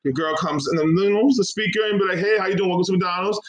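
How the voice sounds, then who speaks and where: A man's voice: high voice, quick pace. A man, co-hosting a casual podcast and telling stories animatedly, acting out the people he quotes. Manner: animated storytelling, acting out quotes with loud outbursts. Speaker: podcast co-host. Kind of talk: casual chat.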